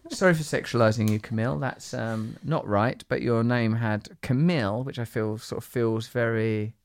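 A man hosts a podcast, chatting casually. He sounds playful and teasing, riffing on odd ideas at a middling pitch. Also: normal speed. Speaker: podcast host. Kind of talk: casual chat.

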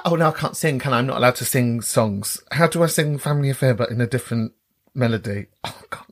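A man's voice: mid-range voice, quick pace. A man in his thirties hosting a podcast, chatting casually and responding to callers in a camp, jokey way with frequent giggles. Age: 30s. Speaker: podcast host.

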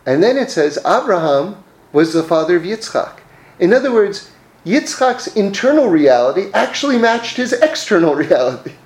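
High-voiced, animated man teaching Torah. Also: moderate pace. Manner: animated storytelling with many restarts. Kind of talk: religious class, story-driven teaching. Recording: echoey room.

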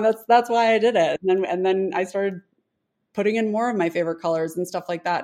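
Chatty woman founder, lowish voice. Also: a little mellow. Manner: chatty, many fillers. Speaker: brand founder. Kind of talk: interview answer.

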